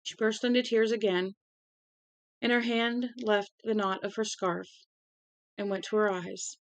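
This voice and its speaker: A woman's voice: medium pitch, steady tone, unhurried, no echo, low-quality recording. A woman reading a novel aloud on a stream, voicing the dialogue with feeling and correcting her small slips as she goes. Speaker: audiobook reader.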